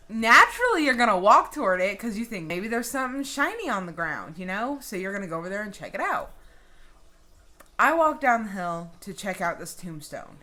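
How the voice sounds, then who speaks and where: A woman vlogger telling a personal story in a casual, animated way, swearing freely. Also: medium pitch.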